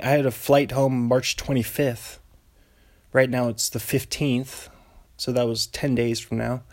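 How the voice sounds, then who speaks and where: Here a young Western Washington man chats solo, wandering off on tangents and breaking into giggly side comments. His voice sits at medium pitch with a somewhat dark tone.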